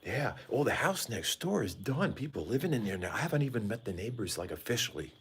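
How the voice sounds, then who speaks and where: A man's voice: mid-range voice, big pitch swings, quick pace, a bit bright, husky. Rambling man streaming from his porch. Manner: rambling, jokey, talks to viewers. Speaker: vlogger. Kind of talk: casual live-stream chat. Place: outdoors on a side porch. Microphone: phone held by hand.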